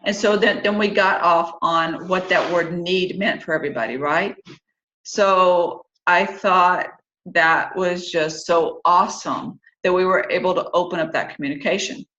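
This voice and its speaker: A woman in her fifties hosting an online group discussion, chatting casually and turning animated and opinionated as she goes. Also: on the low side, a little slow. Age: 50s. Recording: roomy, dull lo-fi sound.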